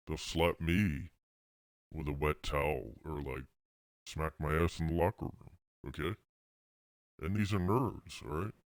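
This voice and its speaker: Brief: male podcast host, slow and very deep, rambling profane rant, dry sound. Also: a little mellow, dry recording. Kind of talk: casual comedic rant.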